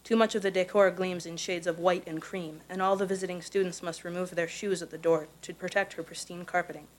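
A woman from Missouri reading her own personal essay aloud at a live event, in a measured storytelling voice. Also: lowish voice, steady tone, a little hiss or hum, poor audio. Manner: measured, careful storytelling delivery. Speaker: contest winner reading her own prose.

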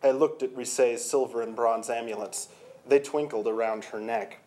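A narrator reading a first-person comic fantasy story in a wry, deadpan manner. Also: mid-range voice, normal speed.

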